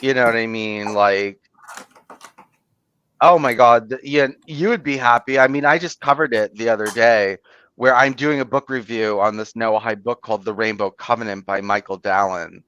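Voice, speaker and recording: A man's voice: medium pitch, moderate pace, sharp tone, smooth, no room sound. Man, casual host chat, rambling, profane, dry close mic, dull lo-fi sound. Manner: rambling, lots of "like" and "you know", swears freely. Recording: dull, muffled lo-fi audio.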